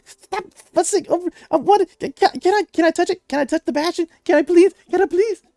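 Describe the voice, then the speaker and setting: A man voicing a wide-eyed young horned boy in a tabletop game, pleading and gushing in a shrill voice. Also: brisk, vocal fry, warm tone, dry recording, faint music behind. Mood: starstruck. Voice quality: squeaky, shrill.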